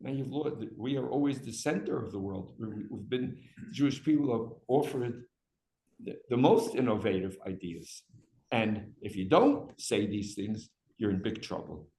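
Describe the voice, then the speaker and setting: An older man lecturing to his evening class in a roomy, echoing room. He talks in an animated rush, repeating words as he builds his point. He now and then slips into quoting other people. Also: mid-range voice, normal speed.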